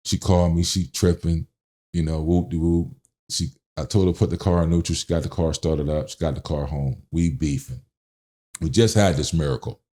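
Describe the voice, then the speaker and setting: A man's voice: low voice, steady tone, moderate pace, mellow. A middle-aged man guesting on a podcast, telling a personal story in casual slang and acting out the quotes.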